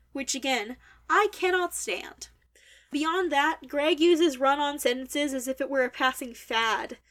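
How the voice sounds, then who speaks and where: A woman's voice: sits high, fairly bright tone. A young woman giving an opinionated, wordy critical review of a novel. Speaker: book reviewer. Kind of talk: critical book review monologue.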